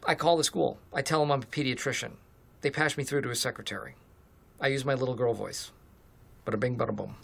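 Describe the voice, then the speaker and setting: An actor playing a boastful, bumbling middle-aged office boss in a sitcom clip, bragging smugly. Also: male voice, mid-range voice, steady tone, quick pace, gravelly, a bit bright. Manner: smug, bragging.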